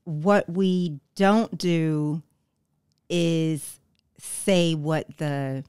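A woman hosting an interview, answering in slow, thoughtful remarks. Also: deep voice, fairly even intonation, a little mellow, clear, resonant tone, no room sound. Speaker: podcast host. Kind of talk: interview conversation.

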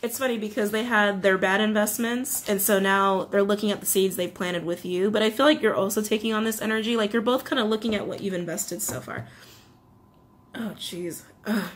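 A woman's voice: mid-range voice, steady tone, brisk, slight background noise. A woman giving a casual tarot reading to camera, chatty and confiding, full of fillers. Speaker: tarot reader.

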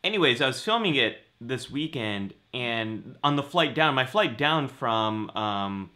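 A man's voice: medium pitch, lively intonation, measured pace, sharp tone. A man co-hosting a casual video chat as a psychologist, talking conversationally with lots of fillers. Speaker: psychologist co-host.

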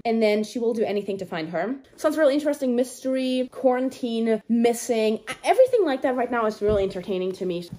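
A young woman chatting casually as she unboxes books, bubbly and quick to squeal and gasp with excitement. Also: a little high, a little hiss or hum. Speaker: book vlogger. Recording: echoey room with long reverb.

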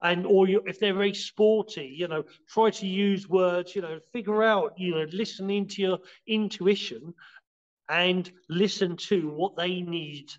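A high-pitched man talks casually as a podcast guest, teaching martial arts ideas in halting bursts. He trips over his words, restarts often, and leans on fillers as he explains. The audio is dull and lo-fi. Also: steady tone. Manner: halting, many restarts and "you know"s; explains by acting out scenes.

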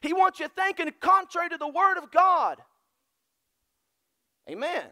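A man's voice: extremely high pitch, sing-song, unhurried, pushed and bright. A male pastor preaching a sermon, emphatic and repeating key phrases.

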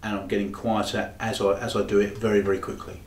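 A man, teaching saxophone in a halting, explanatory way with frequent pauses. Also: on the low side, little pitch movement. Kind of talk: demonstrating tutorial. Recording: echoey room with faint background noise.

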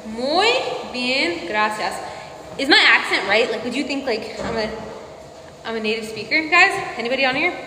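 A woman's voice: sits high, expressive, a little fast. A woman in her twenties chatting casually on a live stream while exercising indoors, playful and sing-songy, drifting into humming and mock Spanish. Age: 20s. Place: indoor home room with treadmill. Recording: echoey room, slight hall tail, faint noise.

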